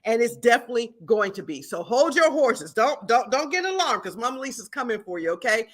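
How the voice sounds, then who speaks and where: A woman's voice: on the high side, sing-song, brisk. A middle-aged woman from the US, hosting an upbeat live stream and hyping up her viewers with lots of repetition. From Southern US. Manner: exuberant, hype-building, talks to viewers directly, repeats herself. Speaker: livestream host and product founder.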